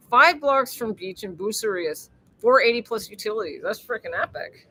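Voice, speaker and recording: A woman's voice: on the high side, expressive, normal speed, pushed and bright, low-quality recording. A woman hosting a casual live stream, rambling and chatty, laughing often and swearing freely as she reads viewer comments.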